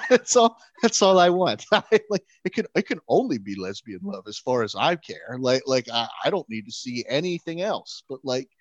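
A man co-hosting a podcast in casual chat, animated, laughing often, repeating words and acting out quotes. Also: medium pitch, normal speed, few pauses, no room sound, lo-fi sound. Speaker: podcast co-host.

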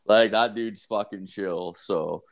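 A man's voice: lowish voice, slow pace, vocal fry, a crowd in the background. Young man telling crude stories, swearing. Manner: crude storytelling, heavy swearing and filler. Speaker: podcast co-host. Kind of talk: casual podcast chat.

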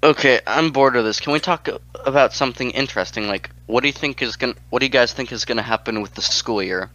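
A man's voice: mid-range voice, fast talker, a bit bright, dry recording, highs cut off. A teenage boy in casual chat, restless and full of "like" as he changes the subject. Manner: restless, lots of "like".

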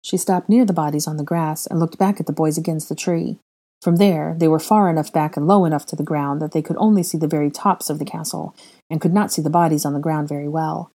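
Low, mellow woman reading a story aloud. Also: fairly even intonation, quick pace. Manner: emotional, raises voice sharply for dialogue. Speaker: fan fiction reader. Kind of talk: storybook narration with character voices.

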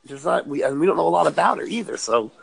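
A man's voice: on the high side, animated, quick pace, gravelly, fairly bright tone, husky. A man co-hosting a casual movie discussion podcast, talking in a wry, hesitant way with jokey asides. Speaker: podcast co-host.

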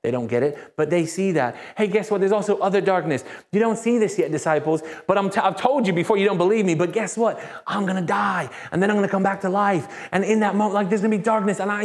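A man preaching a sermon in a lively, conversational way. He acts out quoted voices and calls on the congregation to answer him. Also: high-pitched, quick pace, hardly any pauses. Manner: asks the congregation for call-and-response. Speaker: pastor. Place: church service.

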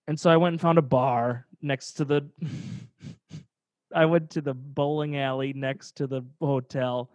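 A man's voice: mid-range voice, fairly even intonation, a little slow, dry recording, highs cut off. A young man casually telling a rambling, profane story, laughing along the way. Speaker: podcast storyteller.

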